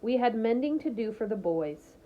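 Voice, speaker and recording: A woman's voice: fairly high pitch, animated, moderate pace. A woman reading a novel aloud, narrating steadily and expressively. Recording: slightly muffled lo-fi recording.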